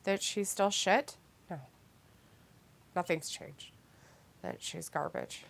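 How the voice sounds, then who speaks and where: A woman's voice: fairly low pitch, slow pace, vocal fry, slightly rough. A woman co-hosting a casual live stream, reading chat messages out and joking sarcastically. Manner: reads chat messages aloud, laughs a lot, sarcastic. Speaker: co-host of a wrestling watch-along stream.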